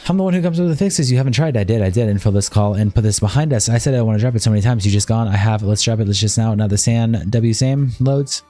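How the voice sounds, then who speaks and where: A man streaming live, reading a long chat argument aloud in a rapid, flat read-through. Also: on the low side, faint music behind.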